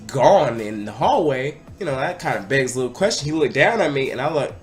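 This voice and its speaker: A young man vlogging, telling a party story in a casual, excitable way and sometimes shouting out what people said. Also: mid-range voice, fairly quick, soft background music. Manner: animated, excitable, breaks into loud acted-out quotes.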